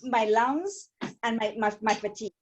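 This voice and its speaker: A woman, a stroke survivor telling her story as an interview guest in a rambling, animated way with many restarts. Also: on the high side, normal speed, muffled recording, a little hiss or hum. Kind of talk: casual interview chat.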